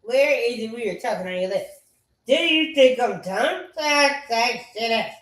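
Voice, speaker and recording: A woman's voice: on the high side, lively intonation, moderate pace, fairly bright tone. A woman talking in an agitated, profane, repetitive rambling way. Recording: echoey room.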